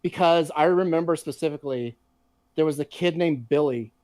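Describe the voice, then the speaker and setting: Profane, animated man telling stories. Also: on the high side, normal speed, no echo, clean studio sound. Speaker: podcast co-host. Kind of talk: casual chat.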